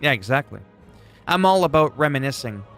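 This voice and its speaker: A man's voice: mid-range voice, very animated, brisk, fairly bright tone, faint music behind. A man livestreaming a game, chatting casually and enthusiastically with viewers, rambling a bit and swearing now and then. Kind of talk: casual gameplay chat.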